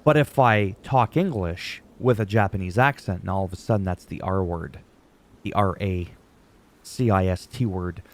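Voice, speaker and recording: A man's voice: deep voice, normal speed. A man recapping a wrestling show in casual commentary, rambling off on tangents and swearing casually.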